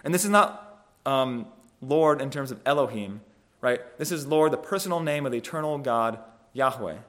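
A man giving a conversational sermon on a scripture passage, thoughtful and halting, often restarting phrases and checking in with "right?". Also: medium pitch, animated, fairly bright tone. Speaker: preacher.

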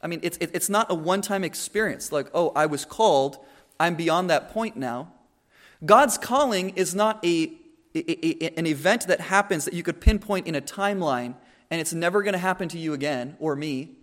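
High-voiced man preaching casually. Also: fairly quick, a bit bright. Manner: conversational, with many restarts and acted-out quotes. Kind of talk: sermon.

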